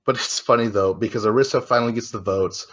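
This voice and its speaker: A man's voice: on the low side, fast, fairly bright tone, highs cut off. A man co-hosting a podcast, recapping a reality show episode in a casual, profane, rambling way and acting out quotes. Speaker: podcast co-host.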